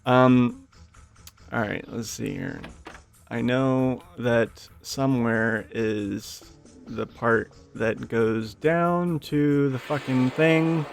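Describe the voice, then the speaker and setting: A man giving casual let's-play commentary, swearing freely and quick to rant at game characters. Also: medium pitch, steady tone, gravelly, soft background music. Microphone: desk microphone.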